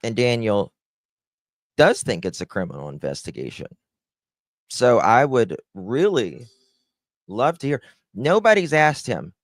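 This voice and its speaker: A man's voice: medium pitch, big pitch swings, measured pace, long pauses, no room sound. A man hosting a live true-crime stream, talking bluntly and sarcastically, swearing and chatting with viewers by name. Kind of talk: casual live-stream commentary.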